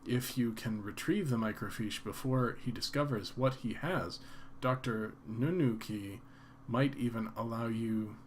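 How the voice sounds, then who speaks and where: A man's voice: medium pitch, measured pace, a little hiss or hum, natural voice. A man voicing a dorky male secret agent who makes blustering threats. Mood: menacing. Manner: menacing, blustering.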